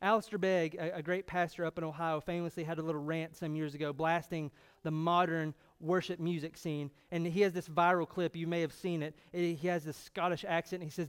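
A man's voice: a little high, steady tone, fairly quick, smooth. A man preaching a sermon as pastor, firing off rhetorical questions and building to fervent emphasis.

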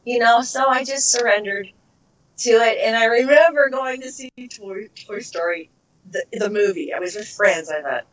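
Rambling middle-aged voice actress. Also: female voice, fairly high pitch, moderate pace, recorded from a distance. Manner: rambling, trails off into tangents. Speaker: voice actress, interview guest. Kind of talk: casual interview storytelling. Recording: dull lo-fi recording.

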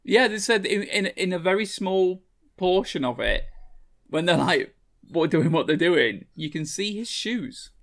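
A man's voice: high-pitched, a little slow. A man chatting casually with friends about a film, acting out movie lines as he goes. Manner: animated, acts out movie lines. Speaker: podcast co-host. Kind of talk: casual chat.

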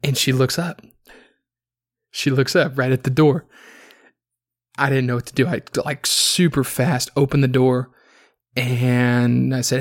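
A man with a gravelly, fry-laden voice tells a crude, rambling story on his podcast. He swears freely and talks in a loose, unscripted way at a middling pitch. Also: flat delivery, moderate pace. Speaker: podcast host. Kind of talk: casual podcast monologue.

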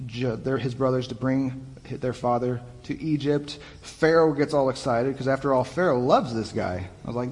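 A young man, a youth pastor, preaching a conversational sermon that retells the story in his own casual words. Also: mid-range voice. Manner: conversational, animated retelling with restarts. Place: church hall. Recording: long hall reverb.

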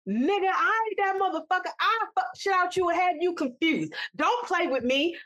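A woman's voice: extremely high pitch, animated, moderate pace, sharp tone, pitched above the performer's own voice, exaggerated voice. A woman doing a foul-mouthed brash old aunt. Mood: boastful. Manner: cursing, combative.

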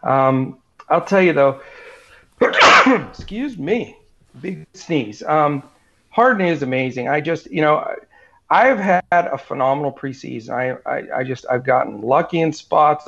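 Gravelly-voiced man, casual podcast chat. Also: mid-range voice, animated, measured pace, a bit bright. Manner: rambling, full of fillers and restarts. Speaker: podcast co-host. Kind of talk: casual sports betting chat. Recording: dull lo-fi sound.

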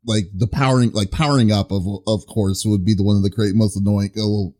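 Guy interviewer, kinda low voice, stumbles over his words a lot. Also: steady tone, mellow. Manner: halting, many restarts and fillers. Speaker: interviewer host. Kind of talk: casual interview questions.

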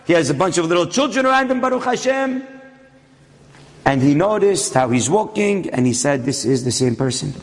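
A man telling a moral story as a sermon, dramatic, dropping low and hushed and then climbing to loud raised peaks. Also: very animated, normal speed, in a large hall.

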